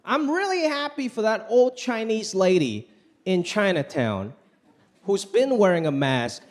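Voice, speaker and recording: A man performing a stand-up comedy routine on a club stage, talking in an animated way and acting out the voices he quotes. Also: high-pitched, measured pace. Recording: live club recording with crowd noise. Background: audience laughter.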